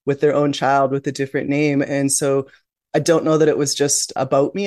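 Speaking in an extremely low, darkish voice, this Canadian woman in middle age tells her life story as an interview guest. She's reflective and candid, with frequent restarts and plenty of "you know." It's a dry, studio-quality recording.

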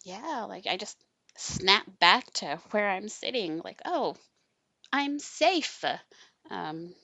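A woman guest sharing personal stories earnestly, sometimes dropping to a soft whisper. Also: medium pitch, takes it slowly, creaky, dry recording. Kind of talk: personal storytelling in conversation.

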